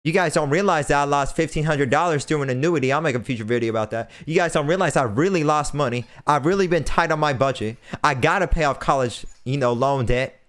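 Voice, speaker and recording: A man's voice: on the high side, quick pace, hardly any pauses, fairly bright tone. A young man hosting a podcast, delivering an impassioned, preachy rant and repeating phrases for emphasis. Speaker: podcast host.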